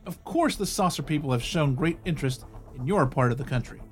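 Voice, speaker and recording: A man reads an evasive, white-haired old newspaper editor whose thin, quivering voice dodges every question. The delivery sits a little on the high side, with the quiet caution of someone guarding his sources. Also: lively intonation, brisk, faint music behind, close to an everyday voice. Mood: lecturing. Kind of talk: reading quoted dialogue aloud.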